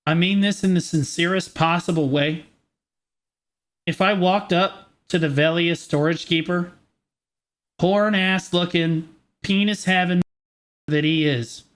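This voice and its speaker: A man streaming reaction commentary in a casual, profane, excitable and jokey way. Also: high-pitched, measured pace, long pauses.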